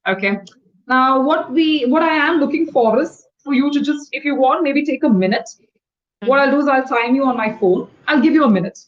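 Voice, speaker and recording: A woman tutoring English over a video call, explaining words quickly and patiently. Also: sits high, animated, lo-fi sound. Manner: fast-talking, explanatory, patient. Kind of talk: one-on-one online English lesson.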